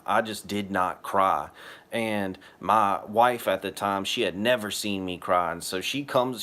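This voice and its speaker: A man's voice: on the low side, a bit bright. A man telling his personal religious testimony in an earnest, rambling, casual way. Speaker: testimony speaker.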